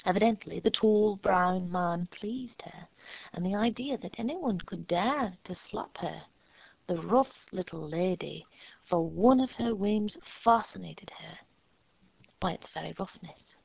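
A woman narrating a storybook in a measured, steady reading voice. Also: mid-range voice, vocal fry, breathy edge, dull audio.

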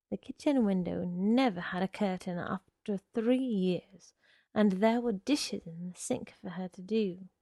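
A woman narrates literary fiction in an unhurried, hushed, low-key way. Her voice has a gravelly grain and keeps a slow pace. The recording is dry and close, with no room sound. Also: dry recording.

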